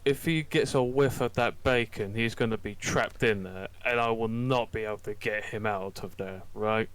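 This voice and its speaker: A man playing a character in a tabletop role-playing game, slow and musing as he decides. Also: fairly low pitch, fairly bright tone, smooth, no echo. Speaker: player.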